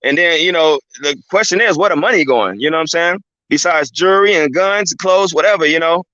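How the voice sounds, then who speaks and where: A man's voice: on the high side, fairly quick, bright, forceful tone, dry recording. Brief: casual male host, slightly raised voice, dry and muffled lo-fi recording. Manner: loose and conversational, keeps saying "you know what I'm saying". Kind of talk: casual commentary monologue. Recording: dry, dull lo-fi sound.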